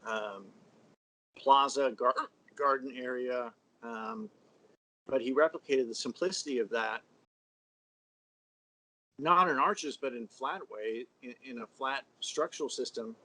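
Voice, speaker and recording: A man in a casual conversation about architecture, thoughtful and halting, pausing often on fillers as he works out his points. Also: medium pitch, bright, forceful tone, poor audio.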